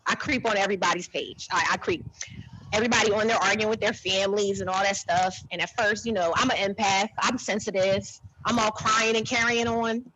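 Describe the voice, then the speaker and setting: A woman in her thirties from New Jersey doing a blunt, animated stand-up set, talking to the audience like a friend. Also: mid-range voice, fairly quick, a little hiss or hum, low-quality recording. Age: 30s. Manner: blunt, animated, conversational, repeats herself. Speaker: stand-up comedian.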